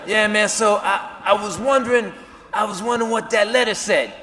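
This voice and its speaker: A man tells a stand-up story on stage in a high, bright voice, jumping between shouted outbursts and hushed asides. The live venue gives his voice a long reverb over faint ambience. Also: normal speed, slight background noise. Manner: animated, shifts between shouting and hushed impressions. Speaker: stand-up comedian. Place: stage in a theater.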